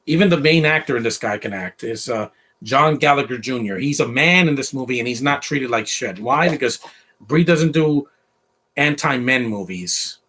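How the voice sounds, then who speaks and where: A man's voice: medium pitch, lively intonation, normal speed, fairly bright tone, husky. A man hosting a casual live movie commentary, opinionated, rambling and defensive.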